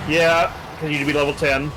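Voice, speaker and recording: A man's voice: on the high side, level tone, fast talker, background noise. A man playing a co-op game on a stream, in casual banter, teasing his partner and reading out item names.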